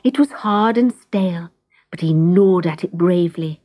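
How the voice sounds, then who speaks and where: A woman reading a children's storybook aloud, gentle and expressive, often dropping into a whisper. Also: fairly low pitch, moderate pace, no room sound.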